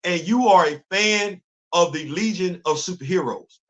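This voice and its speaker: This livestream host is a middle-aged man whose voice sits a little higher than most men's. Speaking at normal speed in loose, colloquial language, he delivers impassioned, preachy commentary and keeps turning to answer viewers in the chat.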